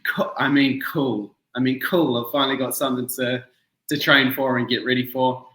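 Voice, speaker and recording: A man in his thirties with a New Zealand and Malaysian accent talks easily, laughing and using friendly slang. His voice is bright and tense-edged, at a middle pitch. The room rings with a noticeable echo. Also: fairly even intonation, normal speed. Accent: mixed New Zealand and Malaysian. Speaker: event founder guest. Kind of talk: casual video-call interview.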